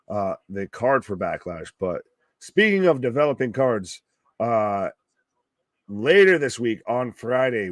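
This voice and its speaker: A man's voice: fairly low pitch, no room sound. A man hosting a live reaction stream, joking, swearing freely and laughing at his own lines. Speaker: host of a live wrestling watch-along stream. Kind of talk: casual live reaction chat.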